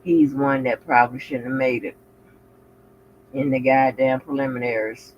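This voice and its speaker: A woman hosting a reaction commentary channel, profane and animated, talking back at the clips she plays. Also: rumbling low, normal speed. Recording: muffled with faint background noise.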